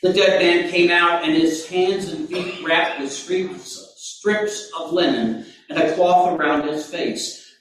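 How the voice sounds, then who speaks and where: A man preaching a sermon, slow and deliberate, with sudden emphatic bursts. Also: sits high, a bit bright. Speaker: pastor. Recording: very echoey room, mic far off.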